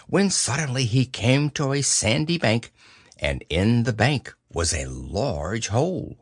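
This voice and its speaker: A man reading a children's book aloud as narrator, in a lively storytelling manner. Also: mid-range voice, slow pace, no room sound, clean studio sound.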